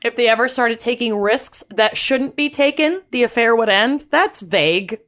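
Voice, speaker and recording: A woman podcast host telling a case in a lively, laughing storytelling manner. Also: on the high side, moderate pace. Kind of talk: casual chat.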